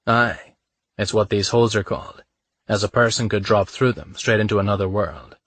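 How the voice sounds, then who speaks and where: Man doing a calm, tender Irish lover. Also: lowish voice, normal speed, dry recording.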